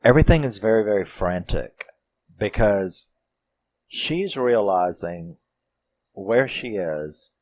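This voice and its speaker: A man casually recapping a horror movie. He speaks slowly in a low voice and swears freely. His storytelling stays animated throughout. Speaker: film reviewer.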